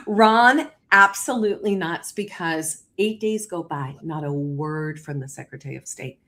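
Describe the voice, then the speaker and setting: A woman on a video call hosts a live internet talk show and races through her story with strong emphasis. Her voice makes big jumps upward at the key points of the animated telling.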